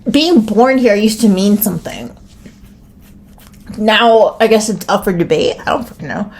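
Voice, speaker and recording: Animated and unhurried, this American woman uses a mid-range voice to rant alone on her own podcast. She rambles, curses frequently, restarts herself, and says "like" constantly.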